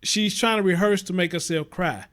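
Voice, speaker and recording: Houston livestream host, high-voiced man, blunt and profane, repeats points, greets chatters. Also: moderate pace, a bit bright. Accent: Southern US, Houston. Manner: blunt, profane, repeats himself, reads viewer comments aloud. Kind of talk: casual livestream commentary.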